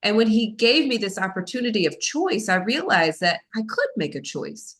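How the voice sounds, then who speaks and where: A woman's voice: medium pitch, big pitch swings, moderate pace, a bit bright. A woman as a podcast guest, telling a personal story in a candid, self-mocking way, with many fillers.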